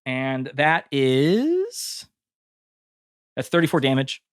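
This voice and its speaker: A man playing a tabletop game, talking through his dice rolls and attacks in lively banter. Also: medium pitch, slow pace, a little hiss or hum. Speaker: player.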